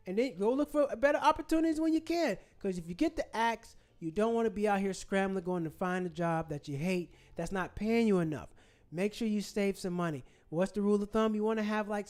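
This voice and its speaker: A man with a strikingly high-pitched voice delivers a heated vlog rant. He preaches at his viewers, hammering the same phrases over and over. It is casual, unscripted commentary from a channel host. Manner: fired-up, preachy, repeats phrases for emphasis.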